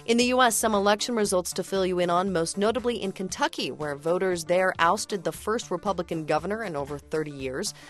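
A woman with a lowish voice reads radio news headlines in a steady, formal manner. Her delivery stays even and composed from item to item. Faint music plays softly underneath. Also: a little fast, few pauses. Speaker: newsreader.

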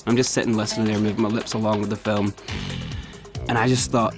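A middle-aged man with a Scottish accent telling a story in a lively way, sometimes slipping into put-on voices. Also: mid-range voice, fairly quick. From Scotland. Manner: animated, breaks into put-on voices and laughs. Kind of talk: casual storytelling. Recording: music playing behind the voice.

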